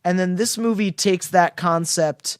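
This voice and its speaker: A man co-hosting a podcast who speaks in a fairly high, smooth and resonant voice. He rambles and restarts often as he hunts for the right words. The sound is dry and close to the mic. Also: measured pace, no echo. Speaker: podcast co-host. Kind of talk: casual film discussion.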